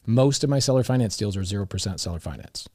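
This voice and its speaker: A man's voice: lowish voice, fast, no echo. Middle-aged guy telling stories, acts out the voices, dry close mic. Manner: animated, acts out quoted dialogue. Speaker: real estate investor guest. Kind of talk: casual storytelling.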